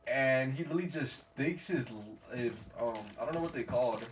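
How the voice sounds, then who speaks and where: A young man streaming a game and telling a rambling story in casual slang, laughing at himself and acting out quotes loudly. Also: fairly high pitch, moderate pace, few pauses. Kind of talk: casual storytelling while gaming. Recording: distant mic with faint background noise.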